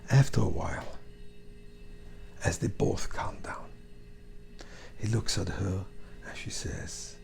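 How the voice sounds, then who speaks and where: A man, a rabbi, telling a story as a sermon, acting out the dialogue, dropping to whispers and rising to loud, pleading climaxes. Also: low-pitched, slow pace, creaky, long pauses, a little hiss or hum. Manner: dramatic storyteller, acts out dialogue, drops to whispers then builds to loud pleading.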